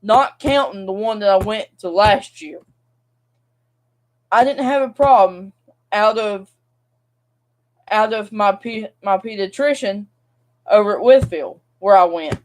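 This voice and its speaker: A woman's voice: medium pitch, a little slow, pauses often. A young woman, venting to camera in a casual, rambling vlog rant. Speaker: vlogger.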